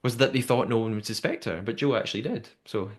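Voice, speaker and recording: A young man hosting a podcast, chatting casually and telling the story in a lively way with lots of fillers. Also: mid-range voice, quick pace. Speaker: podcast host. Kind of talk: casual recap chat.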